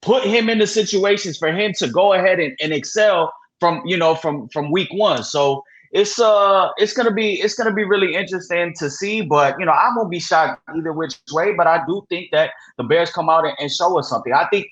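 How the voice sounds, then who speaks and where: A man co-hosting a casual sports podcast, talking in a relaxed way with lots of "you know". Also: high-pitched, a little fast, few pauses. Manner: relaxed, repeats filler phrases. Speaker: podcast co-host. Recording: dull lo-fi sound.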